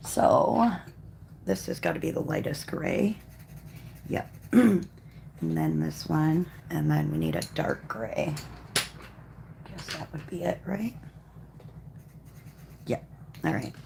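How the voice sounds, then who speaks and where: A woman hosting a live coloring stream, chatting casually in a rambling way and often clearing her throat as she works. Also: deep voice, noisy background. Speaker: coloring livestream host. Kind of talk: casual livestream chat while coloring.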